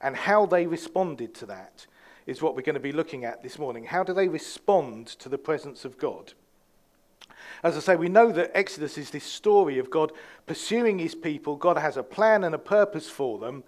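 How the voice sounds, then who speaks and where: A man's voice: a little high, animated, moderate pace. A man giving a conversational sermon as pastor, with fillers and restarts.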